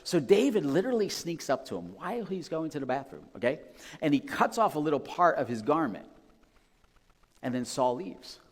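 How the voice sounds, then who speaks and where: A man's voice: fairly high pitch, big pitch swings, moderate pace. A man preaching as a pastor, retelling a story casually and checking in with the room with "okay?" and "right?". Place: church sanctuary. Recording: long reverb of a large hall.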